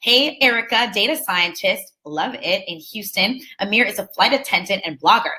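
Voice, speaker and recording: A young woman with a Californian accent hosts a live online class, her voice bright and clear. She reads out names with quick, enthusiastic reactions in a chatty, upbeat manner. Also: medium pitch, lively intonation. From Southern California. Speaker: webinar host. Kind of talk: live webinar greeting attendees.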